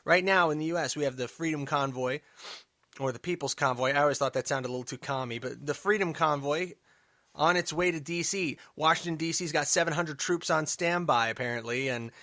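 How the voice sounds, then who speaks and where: A man hosting a political commentary podcast, emphatic and sarcastic, dropping to mutters and then rising loud. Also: fairly high pitch, a little fast, no room sound, clean studio sound. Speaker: podcast host.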